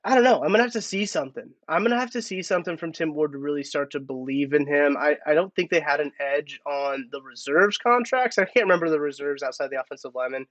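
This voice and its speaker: A man's voice: on the high side, quick pace, few pauses, a bit bright, no echo. Chatty man hosting a live stream. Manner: chatty, thinks aloud with restarts. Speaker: podcast host. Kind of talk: casual live-stream talk.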